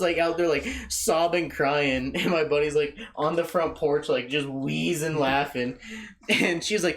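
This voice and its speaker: A man's voice: on the high side, steady tone, moderate pace, a bit bright. A man hosting a podcast, telling a rambling, profane story in casual chat. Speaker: podcast host.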